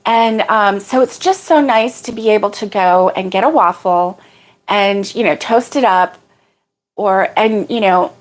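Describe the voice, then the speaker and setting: A woman's voice: mid-range voice, unhurried. Chatty woman hosting a homey livestream. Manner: rambling and homey, greets viewers by name in a lifted voice. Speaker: livestream host. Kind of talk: casual morning livestream chat.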